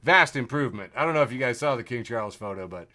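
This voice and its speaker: Bright-voiced sardonic podcast host. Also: male voice, medium pitch, animated, fast. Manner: rambling, sardonic, swears freely, chuckles often. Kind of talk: casual news-and-memes chat. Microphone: video call.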